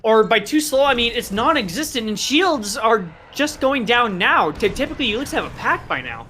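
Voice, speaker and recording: A man's voice: very high-pitched, big pitch swings, moderate pace, bright, forceful tone, slight background noise. A man casting a live video game match with casual, joking commentary, laughing often and trying silly mock accents. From United States. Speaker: esports caster.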